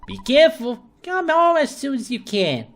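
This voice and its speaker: Brief: a man putting on a high, worried video game mom with an odd put-on accent, very lively. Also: normal speed, exaggerated voice. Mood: caring. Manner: high, fretting, motherly.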